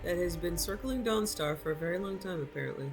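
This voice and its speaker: A woman's voice: fairly low pitch, lively intonation, fast talker. Chatty woman playing a video game. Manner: chatty and opinionated, laughs often. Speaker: gameplay streamer. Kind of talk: casual game commentary. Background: game music.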